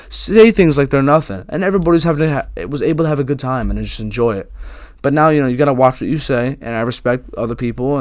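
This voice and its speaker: A young man talks straight into a close, dry microphone, hosting his own casual podcast. He rambles candidly, full of "you know" and restarts, at an everyday middle pitch. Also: darkish tone, no echo. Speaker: podcast host. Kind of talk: casual solo podcast talk.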